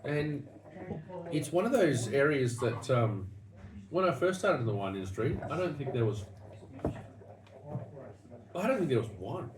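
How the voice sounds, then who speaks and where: A man's voice: mid-range voice, sing-song, measured pace, pauses often, crowd noise. Australian man, distant and echoey. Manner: rambling storyteller with many restarts. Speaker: wine show host. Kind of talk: casual wine-tasting chat. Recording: echoey room, distant mic, noisy.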